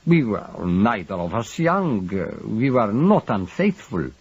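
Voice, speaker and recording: A man's voice: fairly low pitch, very animated, a little slow, a little mellow, slightly rough, muffled recording, exaggerated voice. A man voicing a formal middle-aged foreign husband whose wife has died, speaking in stiff careful sentences that break into anguish. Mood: pleading.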